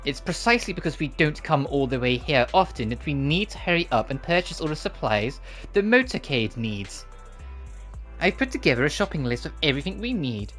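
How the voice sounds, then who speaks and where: A man voicing a prim, sharp-tongued young woman who is all etiquette, reading game dialogue aloud. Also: fairly high pitch, sing-song, brisk, faint music behind.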